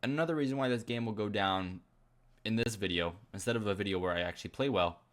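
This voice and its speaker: A man casually commentating his own chess games as a voice-over, rambling with fillers, laughing at himself and jumping high in pitch when incredulous. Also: fast talker.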